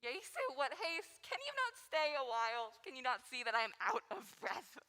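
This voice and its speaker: A woman's voice: high-pitched, animated, moderate pace, pushed and bright. A young woman acting a rambling, teasing old nurse in a school stage play. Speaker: high school stage actor. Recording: school hall reverb.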